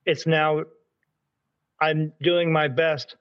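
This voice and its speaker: A man's voice: a little high, very slow, clean tone, highs cut off. A man from Delaware, a spirit medium, casually telling a rambling story in an interview. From Delaware, United States. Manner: rambling, animated anecdote telling with acted quotes.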